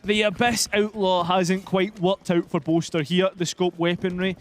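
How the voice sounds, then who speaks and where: High-voiced man giving esports analysis. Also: little pitch movement, moderate pace, a little hiss or hum. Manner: analytical, occasional self-corrections and laughs. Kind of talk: color commentary.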